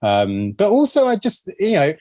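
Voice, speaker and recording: A man's voice: sits high, wildly swooping pitch, moderate pace, darkish tone, dry recording. A man hosting a podcast with friends, talking casually and rambling with fillers and laughs. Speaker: podcast host.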